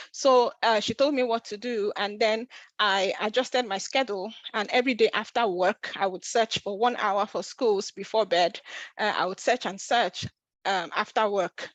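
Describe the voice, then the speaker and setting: A woman's voice: medium pitch, no room sound. A woman tells a personal story in an earnest, emotional way. She often trips over and restarts her sentences. Her voice sits mid-range, and the recording is dry. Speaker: vlogger.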